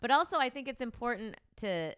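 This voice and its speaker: Fast-talking woman co-hosting a podcast. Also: on the high side, clear, resonant tone, no echo, clean studio sound. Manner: fast, animated, opinionated. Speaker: podcast co-host. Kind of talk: casual chat.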